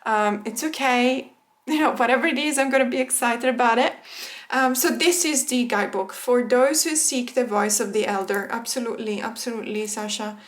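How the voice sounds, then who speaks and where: A woman with a fairly high voice chats through a tarot deck unboxing for her viewers. She is excitable and talkative and breaks into laughter often. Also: normal speed. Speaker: tarot vlogger. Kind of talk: casual unboxing chat.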